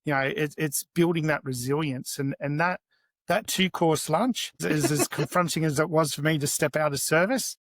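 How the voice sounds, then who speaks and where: A middle-aged man, a chef as podcast guest, telling animated anecdotes with many restarts. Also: fairly high pitch, normal speed, dry recording. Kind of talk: podcast interview, storytelling.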